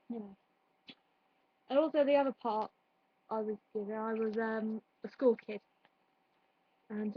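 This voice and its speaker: A woman's voice: fairly high pitch, breathy edge, no room sound. A young woman vlogging a play review in a rambling, chatty way, full of fillers and restarts. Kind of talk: casual chat. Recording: dull, dry home recording.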